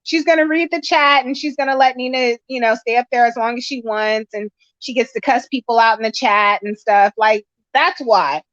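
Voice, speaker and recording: A woman's voice: fairly high pitch, moderate pace, hardly any pauses, no echo. A woman guest on a casual panel chat, talking bluntly and swearing as she tells stories. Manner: blunt, animated storytelling, swears. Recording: dry dull lo-fi call audio.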